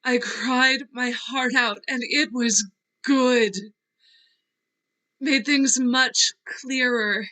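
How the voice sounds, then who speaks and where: A woman's voice: sits high, steady tone, extremely slow, pushed and bright, full character voice, rough recording. A woman playing Nina, a fragile, restless young actress, in a virtual play reading; she wavers and trails off, tearful as she speaks. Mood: wistful. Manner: wavering, laughing through tears, trailing off. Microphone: video call.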